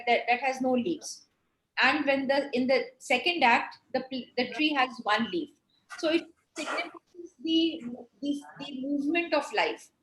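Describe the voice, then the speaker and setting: A woman lecturer talks through ideas with frequent restarts and fillers. Her voice sits high, and the room adds a clear echo. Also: fairly bright tone, slight background noise. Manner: explanatory, many fillers and restarts. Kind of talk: online lecture with Q&A.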